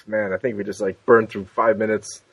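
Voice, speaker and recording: A man's voice: lowish voice, little pitch movement, normal speed, gravelly, breathy edge, no echo. A man hosting a casual comedy podcast, joking loosely with his co-hosts and laughing often. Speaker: podcast host.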